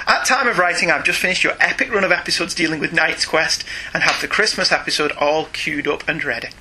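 Reading listener emails on the podcast he co-hosts, this middle-aged British father teases and laughs frequently. He talks fairly quickly in a husky, sharp-toned voice that sits a little high.

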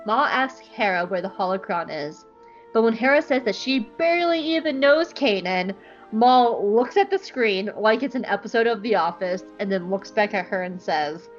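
A woman's voice: medium pitch, lively intonation, moderate pace, soft background music. A young woman hosting a podcast, recapping an episode in a chatty, irreverent way and swearing casually. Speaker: podcast host. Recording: slightly muffled lo-fi recording.

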